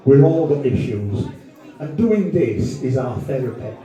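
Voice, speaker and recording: Crude rambling comedian. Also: male voice, medium pitch, very animated, unhurried, warm tone. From Wolverhampton. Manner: rambling, crude, self-mocking. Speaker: stand-up comedian. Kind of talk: stand-up set. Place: comedy club room. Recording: echoey room, far from mic.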